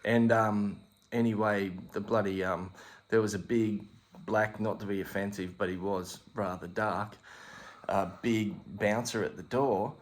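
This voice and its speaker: A man's voice: on the low side, steady tone, a little slow. An Australian man, a podcast co-host, telling a rambling story in casual chat, acting out the voices and swearing freely.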